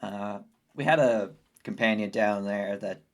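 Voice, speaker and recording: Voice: deep voice, a little slow. A player in a tabletop game speaking in character in a rambling way, stumbling over words and laughing often. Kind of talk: casual tabletop play.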